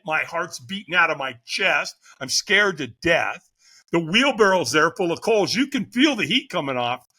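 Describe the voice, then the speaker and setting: High bright-voiced guy telling a wild story on a podcast, voice jumps all over, laughs a lot. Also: husky. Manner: animated, vivid storyteller who acts out quotes and laughs often. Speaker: guest, fire captain.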